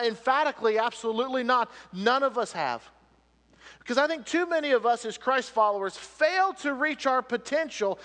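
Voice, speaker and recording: A man preaching a sermon as pastor, swinging between loud emphatic lines and hushed ones. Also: sits high. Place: church sanctuary. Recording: long reverb of a church hall.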